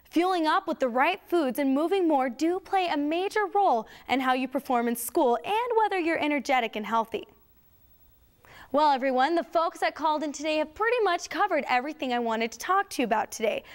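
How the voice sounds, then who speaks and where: High lively woman host. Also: fairly quick. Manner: friendly, recapping to a co-host. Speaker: cheerleader host. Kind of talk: hosting a school educational program.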